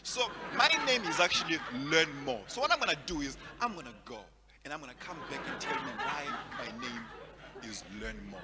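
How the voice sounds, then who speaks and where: A man from Zimbabwe doing stand-up comedy, animated, repeating words and laughing at his own jokes. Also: on the high side, a little fast, in a large hall, a loud crowd, heavy background noise.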